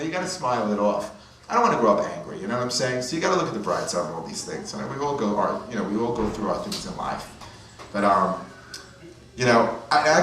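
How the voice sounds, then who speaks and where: New guy doing standup, lively up-and-down voice, super echoey room, crowd laughing. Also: on the low side. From Brooklyn. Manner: rambling, self-mocking, chatty asides. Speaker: stand-up comedian. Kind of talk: stand-up comedy set. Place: comedy club stage. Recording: echoey club from far off with crowd.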